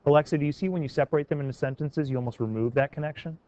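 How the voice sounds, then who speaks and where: A man's voice: a little high, racing, warm tone, highs cut off. A man teaching a class, calling on students by name and coaxing them to try sentence revisions. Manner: encouraging, questioning students by name.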